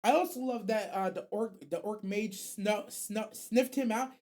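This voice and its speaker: A woman hosting a casual anime radio show, animated and slangy, rambling and swearing freely. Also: mid-range voice, measured pace. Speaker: host.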